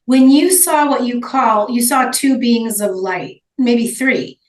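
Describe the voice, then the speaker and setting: A woman interviewer asking probing, measured questions. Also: a little high. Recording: roomy echo.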